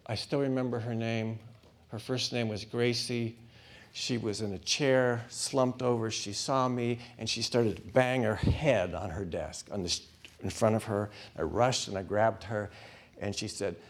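A man's voice: fairly low pitch, a little mellow. Middle-aged guy telling a hospital chaplain story to his class, goes dramatic, drops to a whisper sometimes.

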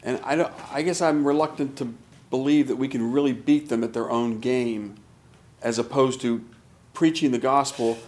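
A man's voice: mid-range voice, fairly even intonation, darkish tone. Hesitant man asking a question in class. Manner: hesitant, halting. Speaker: student.

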